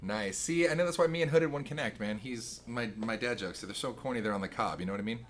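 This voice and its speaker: A man's voice: medium pitch, fast, slight background noise. A man doing live poker commentary, joking and making puns with his co-host into a close mic. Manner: jokey, punning, laughs at own jokes.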